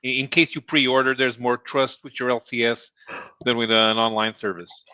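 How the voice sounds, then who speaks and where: A man hosting a casual livestream hangout, talking in a hesitant, halting way with many restarts. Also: mid-range voice, fairly even intonation, bright, forceful tone, clear, resonant tone, no room sound, highs cut off. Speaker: stream host.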